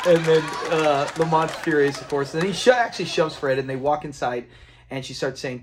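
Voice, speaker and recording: A man with a slightly high voice talks through a sitcom episode in a loose, conversational recap. He retells scenes, acts out the characters' lines and chuckles along. It sounds like a relaxed solo video commentary. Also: a little fast, slight background noise. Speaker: TV episode reviewer.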